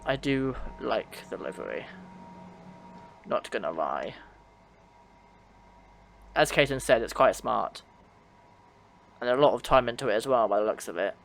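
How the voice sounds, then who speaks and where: Casually commentating a train simulator livestream, this man responds to his chat and laughs a lot. His mid-range voice is expressive and fairly bright, moving at a moderate pace with long pauses.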